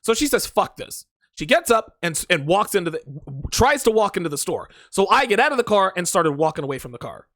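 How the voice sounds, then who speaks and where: A man delivering a crude, profane dating advice monologue on his own stream. His voice sits high and swings widely in pitch as he rambles and hammers points through repetition. The sound is dry and close, with no room around it. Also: big pitch swings, fast talker, a bit bright, dry recording. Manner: emphatic, repeats himself. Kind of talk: solo livestream monologue.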